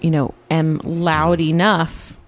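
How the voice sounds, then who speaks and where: A woman's voice: deep voice, little pitch movement, takes it slowly. A woman, a mother and podcast guest, chatting playfully and giving everyday examples in a casual way. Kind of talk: casual chat.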